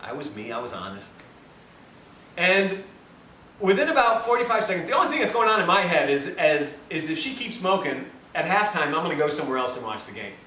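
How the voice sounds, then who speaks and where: Male health lecturer, animated storyteller, recorded on a far mic with faint hiss. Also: on the high side, brisk, echoey room. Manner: animated, self-mocking storyteller. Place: lecture room with audience.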